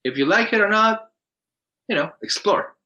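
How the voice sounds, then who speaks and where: A man from Colombia speaks English with a Colombian Spanish accent, his voice bright and forceful. He tells stories in a loose, animated way, often restarting his sentences and mimicking other people's voices. The setting is a relaxed, casual interview. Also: sits high, moderate pace, dull audio. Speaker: interview guest.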